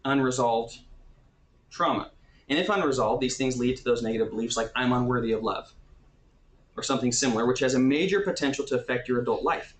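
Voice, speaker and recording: A man's voice: medium pitch, fast. Casual male teacher in an echoey room. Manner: casual, often checks in with "right?". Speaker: therapist teaching a class. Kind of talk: conversational teaching talk.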